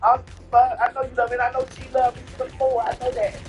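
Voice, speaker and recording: A man's voice: very high voice, level tone, rapid-fire, faint music behind. A tipsy man telling a personal story in a casual way, emphatic, repetitive and profane.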